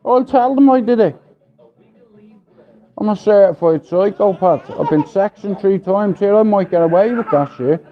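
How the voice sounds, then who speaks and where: An Irish man hosts a livestream, ranting bluntly and profanely as he rambles along. His voice is high and his pace moderate, heard through dull lo-fi stream audio.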